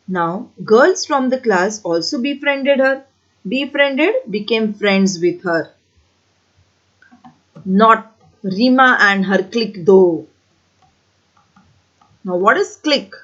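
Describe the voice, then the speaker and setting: A woman teacher with an Indian English accent reading a story lesson aloud and explaining each new word slowly and deliberately. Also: mid-range voice. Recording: dull lo-fi recording.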